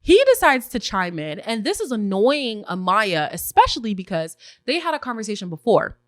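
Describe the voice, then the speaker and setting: A woman hosting a casual recap podcast, opinionated and animated, often acting out what others said. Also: mid-range voice, moderate pace, no room sound, clean studio sound. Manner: opinionated, animated, acts out quotes in voices. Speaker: podcast host recapping a reality show.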